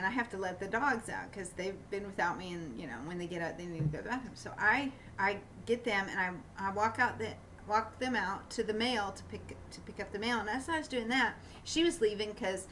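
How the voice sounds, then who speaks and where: A woman telling a long personal story in a casual vlog, rambling with many fillers and restarts and getting animated when she quotes others. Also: medium pitch, recorded from a distance, a little hiss or hum, rough recording. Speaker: vlogger.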